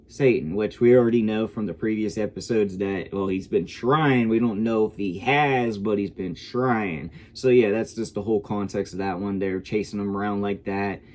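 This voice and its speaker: A man's voice: lowish voice, a little mellow, slight background noise. A man giving a casual, rambling review of a TV episode, swearing freely as he goes. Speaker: show reviewer.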